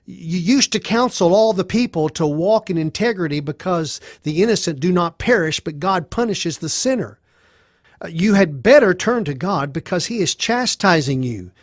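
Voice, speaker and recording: A man's voice: sits high, expressive, normal speed, dry recording, studio quality. A man voicing a stern, self-righteous friend who lectures and accuses. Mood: accusing. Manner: accusing, preachy.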